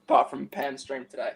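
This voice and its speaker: A man joining a livestream as a guest, speaking in a mild, soft-spoken way. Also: mid-range voice, gravelly. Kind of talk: casual chat.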